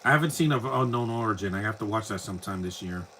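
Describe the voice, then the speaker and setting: Male host, casual watch-along commentary, bright forceful voice, opinionated and rambling, faint noise behind. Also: fairly low pitch, lively intonation, fast talker, rough recording.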